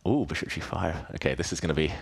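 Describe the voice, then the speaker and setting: Male host, very low voice, upbeat and teasing, live studio chess stream. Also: lively intonation, fast talker, vocal fry, breathy edge. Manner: upbeat, teasing, addresses the chat.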